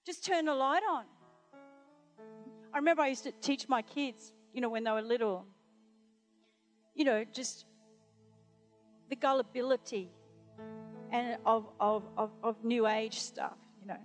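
A woman's voice: on the high side, unhurried, pauses often, faint music behind. A middle-aged woman preaching, telling personal stories in a chatty way full of "you know" and restarts. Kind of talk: sermon with personal anecdotes.

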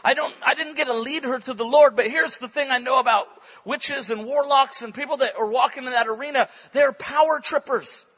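Preaching with an extremely high voice at a fairly quick clip, a man tells an excitable story during a church conference sermon and keeps breaking into shouts. The recording is rough.

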